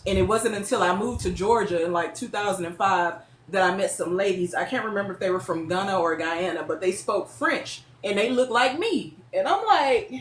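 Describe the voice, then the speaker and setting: A chatty woman tells stories as an interview guest, lively and laughing often. Her voice sits mid-range and carries a roomy echo. A faint ambient hum runs under her. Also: medium pitch, brisk, few pauses. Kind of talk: casual storytelling. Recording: echoey room with faint ambience.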